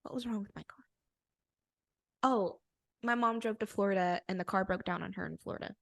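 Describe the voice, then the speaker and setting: Bubbly young woman with gravelly fry. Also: mid-range voice, brisk, no echo. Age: young adult. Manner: bubbly, laughs often, animated retelling. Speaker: podcast co-host. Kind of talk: casual storytelling chat.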